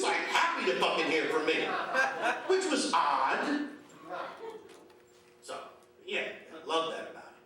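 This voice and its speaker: Profane, grumpy stand-up comic, echoey room. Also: male voice, high voice, animated, moderate pace, sharp tone, distant mic. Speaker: stand-up comedian. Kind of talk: stand-up comedy set. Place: comedy club stage at a memorial show.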